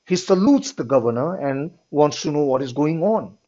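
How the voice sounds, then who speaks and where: A man's voice: a little high, animated, moderate pace, warm tone. A man teaching a class, reading a story aloud and explaining it, often checking in with "all right". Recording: dull lo-fi recording.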